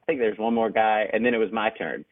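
A young man tells his stories over a narrow, tinny phone line, his voice sitting a little low. He sounds eager and lets out laughs between anecdotes. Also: fast. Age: young adult. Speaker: jazz pianist guest. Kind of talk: storytelling in a radio interview.

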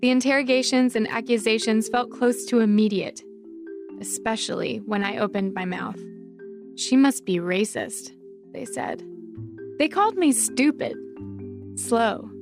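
A woman from North Carolina reading her personal essay in a deliberate, reflective way. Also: a little high, music in the background.

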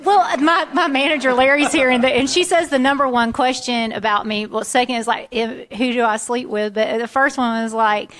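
A woman's voice: a little high, fairly even intonation, normal speed, hardly any pauses, a bit bright. A woman from central Florida with a Southern accent, a singer chatting as an interview guest and laughing often. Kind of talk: casual interview chat.

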